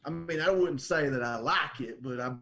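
A man's voice: fairly high pitch, moderate pace, gravelly, sharp tone. A man co-hosting a podcast in casual chat, telling jokey, laid-back stories. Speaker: podcast co-host.

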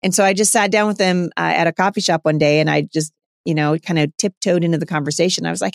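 A middle-aged woman talking warmly and earnestly in a casual advice chat to mothers, full of asides and fillers. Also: fairly low pitch, animated, quick pace, no echo, clean studio sound. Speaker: homeschooling mother and speaker answering a listener.

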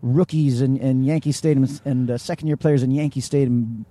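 A man co-hosting a casual comedy podcast, rambling and joking in an animated way. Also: mid-range voice, a little fast, dry recording. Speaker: podcast co-host.

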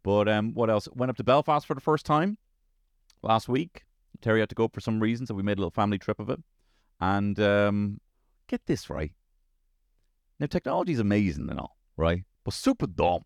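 Low-voiced Dublin man telling comic stories. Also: brisk, vocal fry, no room sound, studio quality. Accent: Dublin Irish. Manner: animated storytelling, swears freely, lots of tag questions. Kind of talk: casual comic monologue.

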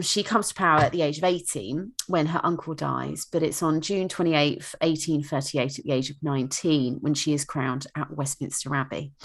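A woman, co-hosting a casual history podcast and telling the story with quick, chatty asides. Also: on the low side, fairly bright tone. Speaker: podcast co-host.

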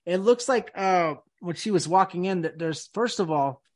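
A man with a high, expressive voice hosts a casual conspiracy podcast at a moderate pace. He rambles and speaks emphatically, tossing "dude" and "man" into almost everything.

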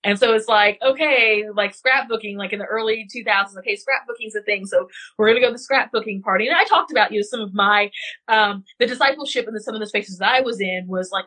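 A woman's voice: mid-range voice, fast talker, sharp tone, low-quality recording. A woman from West Central Missouri in casual podcast conversation, telling stories animatedly with lots of fillers and restarts.

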